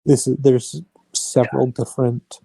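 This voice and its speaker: Mellow-voiced male game master. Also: mid-range voice, flat delivery, unhurried, gravelly, slightly rough. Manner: casual, restarts mid-phrase. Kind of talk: narrating a tabletop game.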